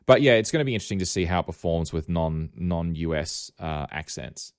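A man's voice: low-pitched, brisk, clear, resonant tone, no room sound, studio quality. A man with an Australian accent hosting a casual tech podcast, rambling and wry, often correcting himself mid-sentence. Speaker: podcast host.

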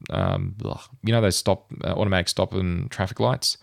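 A man with a deep voice and a gravelly edge talks through his thoughts on a podcast. He rambles casually and loads his sentences with fillers. The recording is close and dry. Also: fairly even intonation, moderate pace, dry recording. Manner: rambling, thinking aloud with many fillers. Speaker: podcast host. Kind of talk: casual chat.

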